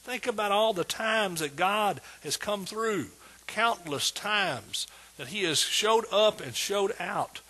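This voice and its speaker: A man preaching a sermon as pastor, emphatic and repetitive, building words into shouts of praise. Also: high-pitched, lively intonation, slow, breathy edge. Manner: emphatic preaching, repeats words with rising intensity.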